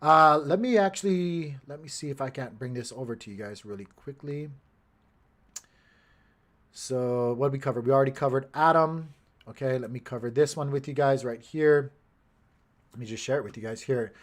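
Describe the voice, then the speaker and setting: A man's voice: mid-range voice, moderate pace. A man hosting a casual livestream, rambling through charts, talking to his chat and muttering to himself when his gear acts up. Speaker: crypto livestream host.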